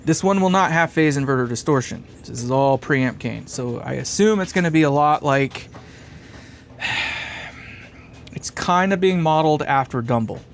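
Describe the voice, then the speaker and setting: A man live-streams from his workshop bench as he builds a guitar amp, chatting casually, thinking aloud and chuckling while reading comments. His fairly high voice has lively intonation and a measured pace, with slight background noise.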